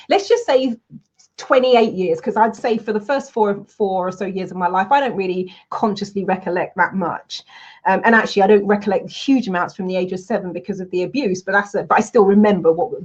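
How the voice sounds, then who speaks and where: Casting note: woman, coach hosting a webinar, animated storyteller, somewhat lo-fi sound. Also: medium pitch, a little fast. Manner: lively, candid, anecdotal.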